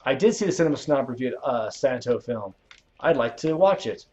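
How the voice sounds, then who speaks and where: A man's voice: medium pitch, animated, normal speed, a little mellow. A young adult male host rambling casually through a game livestream and answering viewer questions, over dull lo-fi audio. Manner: laid-back, rambling, chuckling. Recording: dull lo-fi stream mic.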